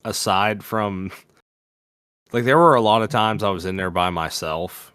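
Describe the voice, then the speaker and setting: Male podcast co-host, low voice, dry close sound, relaxed rambling storyteller. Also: unhurried, smooth, no echo. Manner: loose, laid-back storytelling with fillers and swearing. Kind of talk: casual chat, storytelling.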